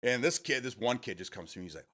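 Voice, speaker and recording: A man's voice: mid-range voice, expressive, fast talker, fairly bright tone. A middle-aged man, hosting a casual live stream, rambling and chatty with self-amused laughs. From Michigan, USA. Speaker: streamer host.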